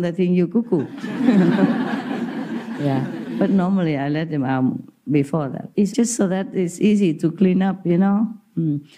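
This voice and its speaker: A woman's voice: on the low side, mellow. A woman spiritual teacher giving an informal talk to disciples, telling stories in simple non-native English and laughing often.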